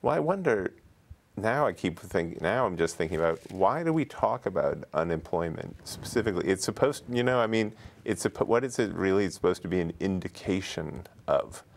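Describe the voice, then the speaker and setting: A man's voice: low-pitched, animated, a little fast, gravelly. A man on a community TV talk panel, thinking aloud in a casual, thoughtful way. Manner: thoughtful, reasons aloud with restarts. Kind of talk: casual talk show discussion. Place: community access TV studio.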